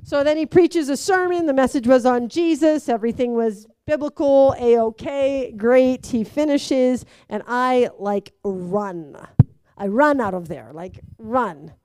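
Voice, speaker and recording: A woman's voice: high-pitched, a little slow, no echo. A young woman animatedly telling a personal story, acting out voices and laughing along. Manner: lively, acts out quoted voices, laughs through it.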